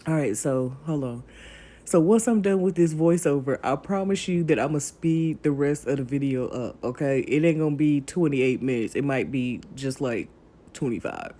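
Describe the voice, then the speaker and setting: A woman's voice: very deep voice, lively intonation, moderate pace, mellow. A young adult woman hosting a crafting channel, rambling in a casual voiceover and talking straight to her viewers. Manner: rambling and talkative, addresses viewers directly.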